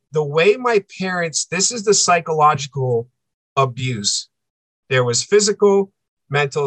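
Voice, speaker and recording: Male interview guest, earnest and halting storyteller; slightly raised pitch, dry recording. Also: fairly bright tone, no room sound, rough recording. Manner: earnest, halting, repeats himself for emphasis. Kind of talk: personal storytelling.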